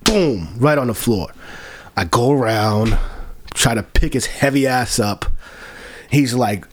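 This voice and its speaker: A man's voice: mid-range voice, expressive, takes it slowly, noisy background. A man who works as a bartender tells a profane story in casual chat, laughing along as he goes.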